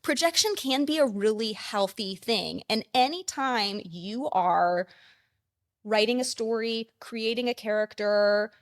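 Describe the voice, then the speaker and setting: Gravelly-voiced woman therapist explaining. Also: a little high, lively intonation, measured pace, dry recording, clean studio sound. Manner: explanatory, frequent "like" fillers. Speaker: counselor and play therapist, guest. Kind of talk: conversational interview.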